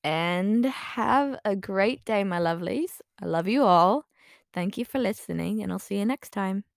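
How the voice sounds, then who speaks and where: A woman's voice: medium pitch, animated, a little slow, vocal fry, no echo, studio quality. A woman chatting casually in a vlog, rambling and self-deprecating with lots of fillers, her voice a bit tired. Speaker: vlogger.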